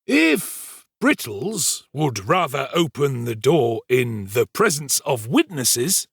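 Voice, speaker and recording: An actor playing a pompous middle-aged male butler who speaks slowly and formally. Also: medium pitch, very animated, gravelly, fairly bright tone, slightly rough, no echo, studio quality, exaggerated voice. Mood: stiffly brave. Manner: slow, formal and self-important.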